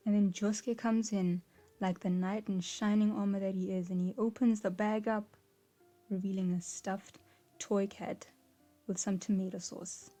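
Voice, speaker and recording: Casting: young adult woman, warm low-key tone, chatty video essayist who acts out the scenes she describes. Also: unhurried, faint music behind. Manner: animated, acts out quoted characters, frequent "like" and "right?". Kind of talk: casual commentary.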